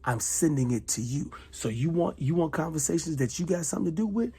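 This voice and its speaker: Middle-aged man, very husky gravelly voice, dark tone, heated accusing monologue, loud then hushed. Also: fairly high pitch, lively intonation, brisk. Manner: accusatory, repeats himself, swings between loud and hushed. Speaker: retired soldier vlogger. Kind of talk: heated monologue addressed to one person.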